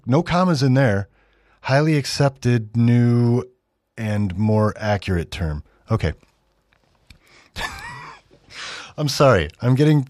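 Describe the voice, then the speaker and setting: A middle-aged radio host with a fairly low, slightly mellow voice offers sarcastic commentary, mocking the texts he reads out in exaggerated tones. The recording is clean studio sound with no echo.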